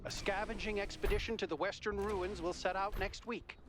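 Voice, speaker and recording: A man's voice: high-pitched, steady tone, fairly quick, background noise, close to an everyday voice. An actor voicing a male city announcement voice in a video game, speaking in a formal, announcing way. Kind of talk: public address announcement.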